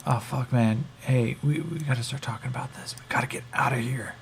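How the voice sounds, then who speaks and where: A man's voice: mid-range voice, steady tone, takes it slowly, gravelly, warm tone, slight background noise. A man voicing a male captive fighter who whispers urgently about escaping.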